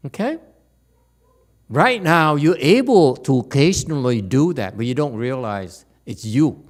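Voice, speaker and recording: A man giving a lecture at a temple, animated and teasing, often checking whether the audience understands. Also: medium pitch, a little slow. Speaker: Buddhist teacher. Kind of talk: dharma lecture.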